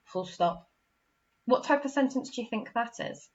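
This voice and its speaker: A woman's voice: a little high, animated, normal speed, fairly bright tone, muffled recording. An English woman teaching a recorded online lesson to young children, encouraging and acting out example sentences with expression. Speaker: primary school teacher.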